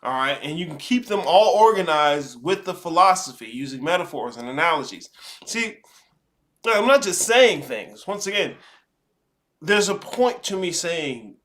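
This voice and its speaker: A man's voice: fairly high pitch, fairly bright tone. A man hosting commentary, lecturing bluntly and swearing freely. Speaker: host. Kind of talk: commentary over a played podcast clip.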